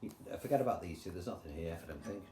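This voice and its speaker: An older man with an English accent, teaching guitar in a chatty, relaxed way and counting rhythms aloud. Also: deep voice, racing, slight background noise. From England. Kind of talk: casual guitar tutorial. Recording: roomy sound with guitar playing.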